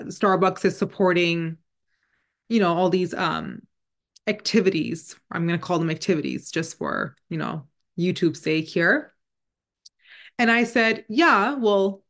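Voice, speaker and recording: A woman who works as a spiritual channel, chatting casually as she retells a conversation, with plenty of fillers and asides. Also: mid-range voice. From Indian heritage. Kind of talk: casual storytelling monologue.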